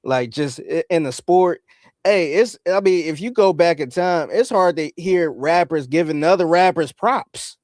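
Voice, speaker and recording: A man co-hosting a podcast, talking in a relaxed way and often acting out what others might say. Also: on the high side, unhurried, no echo, clean studio sound. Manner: relaxed, acts out quotes. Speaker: podcast co-host. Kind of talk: casual podcast commentary.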